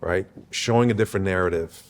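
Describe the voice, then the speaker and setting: A man's voice: low-pitched, quick pace, a little hiss or hum. A man speaking as a podcast guest, earnest and emphatic, often checking in with "right?". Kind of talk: conversational interview.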